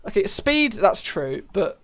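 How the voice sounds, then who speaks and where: A man's voice: high-pitched, big pitch swings, a little slow, fairly bright tone. A man with a British accent chatting casually while live-streaming a game, rambling with many fillers and frequent laughs. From United Kingdom.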